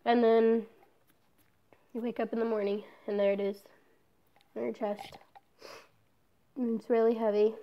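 A woman's voice: a little high, flat delivery, measured pace, pauses often, lo-fi sound. A young woman in a casual personal vlog, talking candidly, swearing often and trailing off with fillers. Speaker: vlogger.

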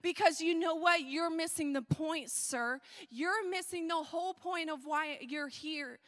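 Lady putting on blunt fed-up jesus, sassy, slow and bright, big hall echo. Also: very high voice. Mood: firm. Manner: sassy, paraphrasing with attitude. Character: exasperated, blunt male Jesus, lowered voice.

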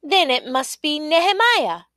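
A woman's voice: high voice, very animated, measured pace, sharp tone, no room sound, studio quality, pitched above the performer's own voice, heavily acted. A woman voicing a young captive queen who speaks politely and hopefully.

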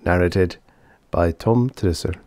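Low male narrator for a vintage sci-fi audiobook, measured delivery, dry close studio sound. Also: darkish tone, no room sound. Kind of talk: scripted narration.

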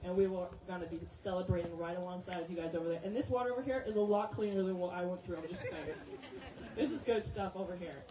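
A woman's voice: on the low side, quick pace. A woman speaking to a church crowd, telling a story in a chatty, laughing way. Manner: animated, laughing, chatty with frequent "okay?". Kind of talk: casual storytelling talk to a congregation. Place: outdoor church service. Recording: roomy, distant, with crowd and noise.

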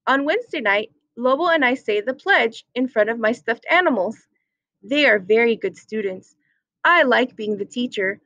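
High-voiced teacher reading a picture book. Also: female voice, lively intonation, moderate pace, pushed and bright, dry recording, highs cut off. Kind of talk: children's picture-book read-aloud.

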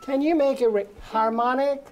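A woman's voice: sits high, steady tone, normal speed, muffled recording, loud music behind the voice. A woman giving a violin masterclass, encouraging her student in short coaching phrases and humming passages to show how they go. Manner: hums and sings phrases to demonstrate. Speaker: violin teacher. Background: violin playing.

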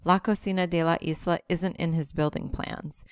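A woman's voice: lowish voice, fairly even intonation, moderate pace, clear, resonant tone, no echo, studio quality, lightly acted. Woman voicing a worried, earnest teen boy. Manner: anxious, earnest pleading.

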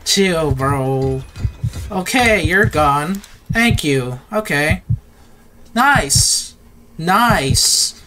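A man's voice: high-pitched, big pitch swings, takes it slowly. Nervous young guy playing a horror game, talks to the monsters, noisy mic with clicks. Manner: jittery, nervous chatter, talks to the game characters. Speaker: gaming YouTuber. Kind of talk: casual horror game commentary. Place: home gaming setup. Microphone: desk mic with facecam.

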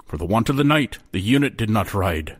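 A man's voice: on the low side, expressive, a little fast, husky, dry recording, clean studio sound. A man voicing a weathered old former blacksmith's apprentice, telling a tale in old-fashioned speech. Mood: solemn, wistful. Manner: old-fashioned storytelling speech, calls listener lad.

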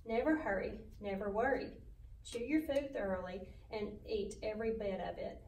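A woman voicing a calm, wise female spider who reassures and instructs in a storybook reading. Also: medium pitch, reverberant, distant mic, slight background noise, natural voice, rough recording.

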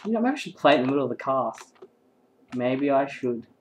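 A man commentates a game in an excitable, rambling stream, swearing freely as he goes. His voice sits at an ordinary middle pitch. Faint keyboard clicks tap away behind him. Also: fairly quick, a little hiss or hum, rough recording. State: hyped up and sleep-deprived. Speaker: game caster.

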